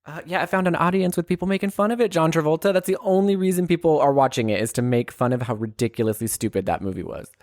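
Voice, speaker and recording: Very low-voiced, teasing woman host. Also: quick pace, few pauses, a little mellow, dry recording, clean studio sound. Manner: wry, teasing, jokes at the expense of the film. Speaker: podcast co-host. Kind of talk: casual chat about movies.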